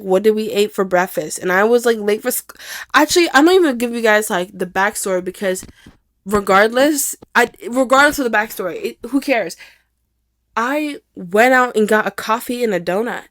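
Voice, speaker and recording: A woman's voice: on the high side, no echo, studio quality. A young adult woman hosting her own podcast, talking through her feelings in a loose, rambling way, full of "like", restarts and casual swearing. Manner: rambling, filler-heavy, swears freely. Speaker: podcast host. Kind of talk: candid casual monologue.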